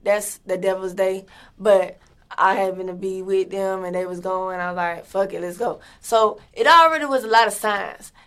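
A woman's voice: medium pitch, normal speed, a bit bright, smooth. A woman from Atlanta, telling a story in a blunt, profane, emphatic way.

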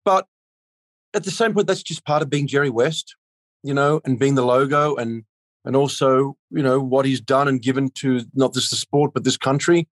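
A man's voice: medium pitch, fairly even intonation, normal speed, no room sound. A man being interviewed as an actor, rambling in casual chat with many restarts and filler phrases. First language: not a native of the country he is speaking about.

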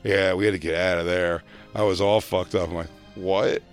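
A man co-hosting a comedy talk show, telling stories in a casual, animated way and slipping into quick impressions of family members. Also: soft background music. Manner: animated, jumps into high-pitched impressions of family. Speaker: podcast co-host.

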